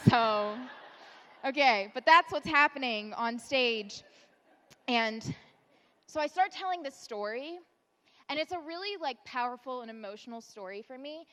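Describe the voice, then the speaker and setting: A young woman tells her story from a conference stage, chatty and self-mocking, leaning on filler words. Her voice sits a little high. The hall gives her a long, ringing reverb. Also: fairly bright tone. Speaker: keynote speaker. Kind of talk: storytelling keynote talk.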